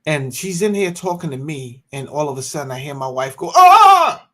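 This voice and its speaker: A man's voice: medium pitch, fairly quick. A man in his thirties hosting a casual chat, telling loose stories and bantering with his audience. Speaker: host.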